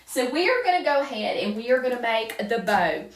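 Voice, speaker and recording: A woman with a North Carolina Southern accent hosting a live crafting stream, chatting warmly with viewers by name as she works. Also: fairly high pitch, sing-song, brisk, reverberant, far from the mic. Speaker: livestream craft host.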